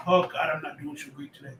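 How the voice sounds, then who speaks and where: A man's voice: fairly high pitch, echoey room, very noisy. A man hosting a casual live stream, chatting loosely, reading out viewer comments and joking as he rambles. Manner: chatty, reads chat aloud, jokes and rambles. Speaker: livestream host.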